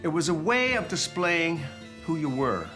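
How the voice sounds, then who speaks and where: A man's voice: on the high side, big pitch swings, a little slow. A man interviewed as a bagpiper, explaining history in an easy storytelling way. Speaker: bagpiper and guest. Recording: faint music behind.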